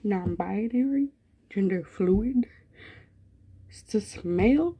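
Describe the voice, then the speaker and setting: A woman's voice: medium pitch, animated, slow, mellow, slightly rough. A woman, a gaming YouTuber, reading a story game aloud with running commentary, giggling often and swearing freely. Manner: giggly, profane, frequent laughter.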